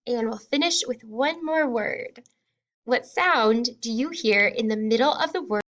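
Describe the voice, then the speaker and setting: A woman teaching a phonics lesson to young children, sounding out words slowly and cheering them on. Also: on the high side, a bit bright, dull audio. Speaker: kindergarten teacher.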